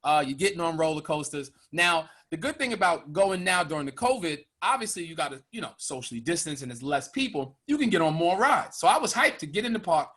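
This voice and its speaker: A man's voice: a little high, very animated, brisk, hardly any pauses, a bit bright, breathy edge. A man in his thirties hosting a podcast, telling a rowdy story in casual chat and addressing the audience directly. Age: 30s. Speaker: podcast host.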